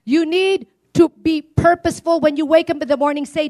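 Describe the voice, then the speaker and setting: High-pitched female preacher, animated call-and-response sermon style. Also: brisk. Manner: animated, swings between loud declarations and quiet asides.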